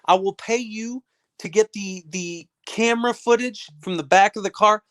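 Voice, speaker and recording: A heated, confrontational voice from South Dakota rants off the cuff, piling up repeated phrases and swearing freely. The pitch sits mid-range, and the sound is dry and close with no room echo. The delivery stays fierce and accusing throughout. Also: normal speed, fairly bright tone. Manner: heated, profane, repetitive, confrontational. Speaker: local activist venting about police. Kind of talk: unscripted angry rant to camera.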